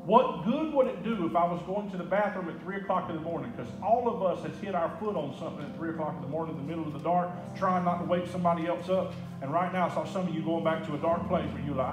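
A high-voiced man preaches in a roomy church, the sound ringing off the walls. Music plays clearly under his words. He moves between hushed, close lines and loud, fervent calls. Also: fast talker, hardly any pauses. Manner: dynamic preaching, swings from hushed to shouting. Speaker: pastor. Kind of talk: sermon. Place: church sanctuary. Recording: echoey church hall with music behind.

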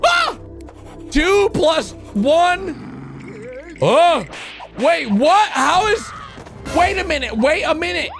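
A man commenting excitedly on cartoon animations, jumping between low murmurs and sudden shouts and gasps. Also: takes it slowly, vocal fry. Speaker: gaming YouTuber. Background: background music.

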